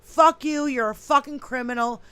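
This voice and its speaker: A woman with a high voice co-hosts a casual political podcast. She rants heatedly and swears freely. The sound is dry, with no room echo. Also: moderate pace, bright, forceful tone, smooth. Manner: heated profane ranting. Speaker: podcast co-host.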